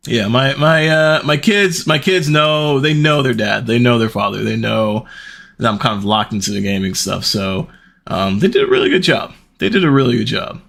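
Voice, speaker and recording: A middle-aged man chatting casually on his stream, telling stories in an animated, rambling way. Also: normal speed, vocal fry. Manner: animated, rambling storytelling with big pitch jumps and laughs.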